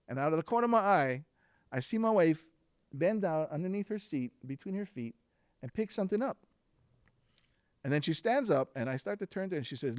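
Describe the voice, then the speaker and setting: A man telling a personal story on stage before a live audience, relaxed and chatty, with fillers and restarts. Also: on the high side, brisk, no echo, clean studio sound. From Hawaiʻi.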